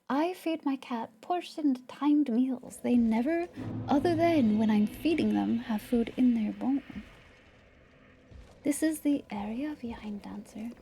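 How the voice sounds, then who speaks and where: A woman streamer chatting casually while she plays, thinking aloud in a meandering way and often dropping to soft asides. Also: high-pitched, slight background noise. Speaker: live streamer. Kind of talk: casual gameplay commentary.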